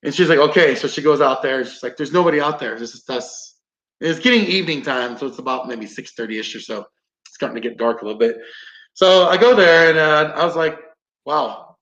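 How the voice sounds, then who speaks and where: A man's voice: a little high, a little fast, fairly bright tone. A man, a podcast guest, telling a story casually with plenty of swearing and acted-out quotes. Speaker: podcast guest, combatives instructor. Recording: roomy, dull lo-fi sound.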